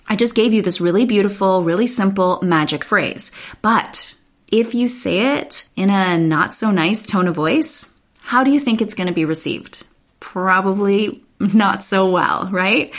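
An earnest woman in her thirties hosts a podcast and talks straight to her listeners, checking in often with a "right?". Her voice sits in a middle register, and she sounds encouraging as she gives family communication tips. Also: mid-range voice. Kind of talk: warm advice podcast talk.

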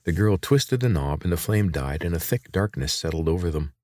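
A man narrating a story aloud in measured storytelling style. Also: sits low, lively intonation, mellow, dry recording, studio quality. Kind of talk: scripted audiobook narration.

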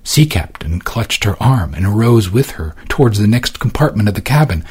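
A man's voice: fairly low pitch, very animated, moderate pace, husky. A man giving dramatic scripted narration of a novel as an audiobook narrator. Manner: dramatic, swinging delivery.

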